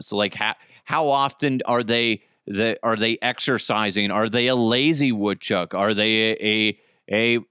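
A man talks his way through a solo comedy podcast, rambling and making jokes at his own expense. His mid-range voice is very lively and swoops up and down. The recording is dry and close. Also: medium pitch, smooth, no room sound. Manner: rambling, joking, self-deprecating, swears a lot. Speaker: podcast host.

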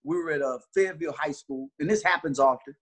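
A man's voice: fairly high pitch, fast talker, a bit bright. A middle-aged man, a basketball trainer, telling stories in a casual interview with earnest, repeated restarts.

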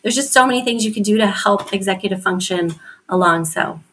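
A bubbly woman guest on a podcast, an author and former teacher. She laughs often, says "like" a lot, and speaks at a middle pitch in an easy, warm conversational flow. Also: fairly quick. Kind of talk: casual interview chat.

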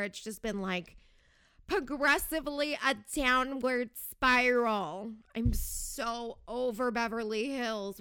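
A woman's voice: on the high side, sharp tone, clean tone, no echo, studio quality. A young woman hosting a podcast, ranting in a chatty, fired-up way with sarcastic jabs and lots of "like". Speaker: podcast host. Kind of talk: casual reality TV gossip rant.

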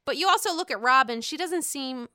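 A woman recapping a reality TV episode in a casual, gushing way, excitable and swearing freely. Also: high-pitched, fairly quick, dry recording, studio quality.

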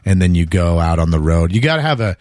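A man co-hosting a casual sports betting podcast, chatty and quick to act out quotes in a raised voice. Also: sits low, big pitch swings, a little mellow, dry recording, clean studio sound. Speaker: podcast co-host.

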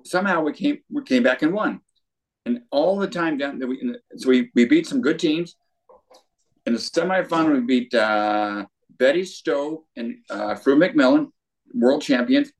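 An older man, a former tennis pro, telling a story in an interview with lively quoted voices. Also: medium pitch. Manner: animated storyteller with acted quotes.

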